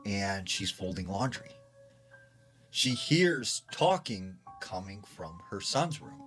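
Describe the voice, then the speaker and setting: A man's voice: low-pitched, bright, forceful tone. A man casually retelling a creepy true story in a chatty way, full of "like" and "she's like". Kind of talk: casual spoken scary story.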